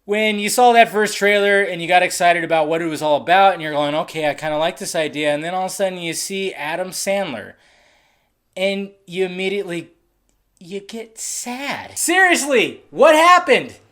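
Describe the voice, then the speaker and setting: A young adult film reviewer giving a casual, ranting review, profane and excitable, swinging from low muttering to loud shouting. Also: normal speed.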